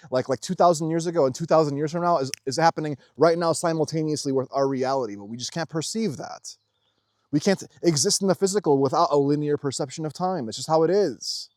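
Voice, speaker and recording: A young man hosting his own channel delivers a casual, emphatic spiritual monologue, swearing freely and shifting rapidly in intensity. His fairly high, slightly mellow voice comes through in a dry, clean studio recording.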